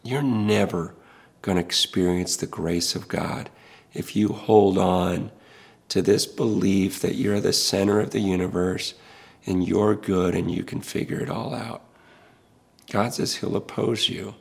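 Man, middle-aged pastor, low husky voice, earnest preaching testimony. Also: steady tone, a little slow. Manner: impassioned, pleading, repeats words as he builds.

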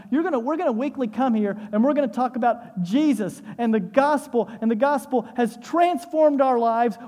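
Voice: medium pitch, dark tone, long reverb tail. A pastor preaching a sermon in a church, emphatic, with rhetorical questions and repeated phrases.

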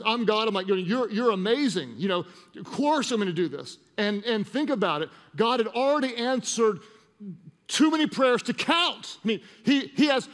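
A middle-aged man preaching a sermon as pastor, animated, swinging from soft pleading to loud emphasis in a large church. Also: very high voice. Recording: long reverb of a large hall.

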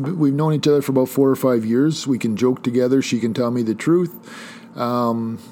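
A man hosting a casual podcast on his own, rambling and joking, then giving motivational fitness advice like a coach. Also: mid-range voice. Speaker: podcast host. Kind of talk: casual solo podcast talk.

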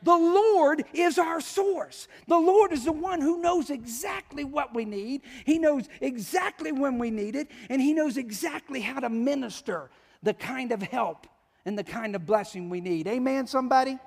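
High-voiced male preacher in a reverberant church. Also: normal speed, creaky. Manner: conversational preaching, asking the congregation questions. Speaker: pastor. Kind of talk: sermon. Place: church sanctuary.

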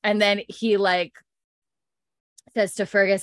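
A woman recaps a story in a loose, chatty way, packed with fillers and quick laughs. Her voice sits at a middle pitch. The recording is dry and close. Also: fairly even intonation, a bit bright, no room sound.

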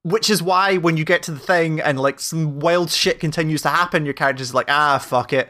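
A man in casual podcast chat about a game, talking animatedly with lots of swearing, acting out the scenes he describes in quick voices. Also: on the high side, pushed and bright. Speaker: podcast co-host.

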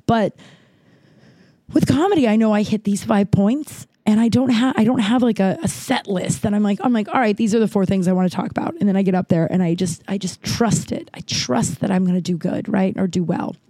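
A woman's voice: medium pitch, brisk, mellow, no room sound. A woman comedian telling a candid personal story, speaking frankly and swearing freely.

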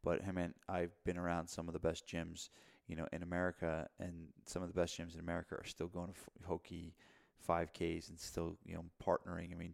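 A man's voice: low-pitched, gravelly. A man co-hosting a podcast, talking casually about running a gym, rambling and repeating himself with lots of "you know" fillers. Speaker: podcast co-host, gym owner.

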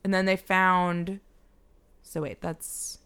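A young woman with a low, gravelly voice tells a story in a loose, rambling way. She fills her talk with ums and likes and laughs easily. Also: fairly even intonation, slow pace, a bit bright. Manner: laughs often, rambling with fillers. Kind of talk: casual chat, storytelling.

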